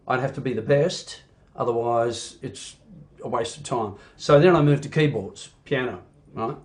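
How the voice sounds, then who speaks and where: A middle-aged Australian man, a rock singer, chatting in an interview as an animated storyteller who fills his talk with "you know". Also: medium pitch. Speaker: singer and band frontman. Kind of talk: casual interview chat.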